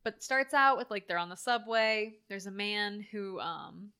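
A woman co-hosting a casual chat, animated and full of filler words, acting out quoted lines as she talks. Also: medium pitch, normal speed, clean tone. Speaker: podcast co-host. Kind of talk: casual chat reviewing a horror film.

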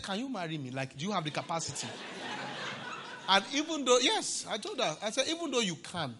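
A male pastor preaching a sermon, playful, often laughing and breaking into shouts. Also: sits high, a little hiss or hum.

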